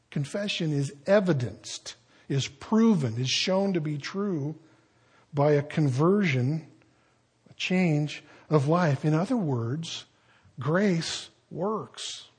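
A middle-aged pastor preaching a sermon, husky, emphatic, slowing down and rising on key words. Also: male voice, a little high, animated, a little mellow.

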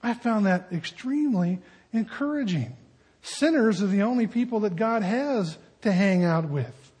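Male pastor with a high-pitched, husky voice, conversational sermon style with jokes. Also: expressive, a little slow, darkish tone. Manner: conversational, joking asides.

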